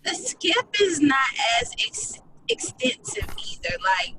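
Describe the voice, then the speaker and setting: A woman on a video call, chiming in with short questions and quick agreement while her group plans deadlines. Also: very high-pitched, wildly swooping pitch, sharp tone, a little hiss or hum, rough recording. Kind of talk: casual planning call.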